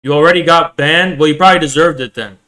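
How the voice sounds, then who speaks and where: A man runs a casual livestream and talks straight to his chat, excitable and quick to swear. His voice sits a little high and has a bright edge.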